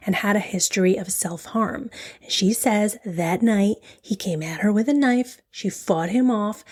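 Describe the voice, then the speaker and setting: A woman hosting a true crime podcast, narrating a case in a dramatic way, dropping into whispers and slowing down on key phrases. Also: mid-range voice, mellow. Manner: dramatic, drops to a whisper for emphasis; slows right down on key phrases.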